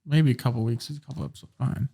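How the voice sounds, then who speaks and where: A man's voice: mid-range voice, rapid-fire, creaky, mellow, slightly rough. A young man co-hosting a casual podcast, riffing with joking comebacks. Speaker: podcast co-host. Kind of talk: casual chat.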